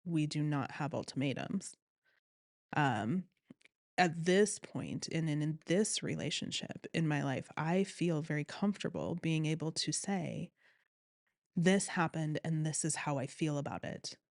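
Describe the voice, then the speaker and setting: A woman's voice: sits low, measured pace, dry recording. Earnest woman guest, dry close sound. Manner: earnest, animated, often quotes others. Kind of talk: personal story in conversation.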